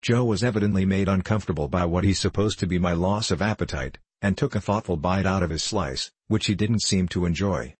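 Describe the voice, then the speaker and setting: A man reading a classic novel aloud as an audiobook narrator, in a measured, even storytelling manner. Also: low-pitched, husky, dry recording.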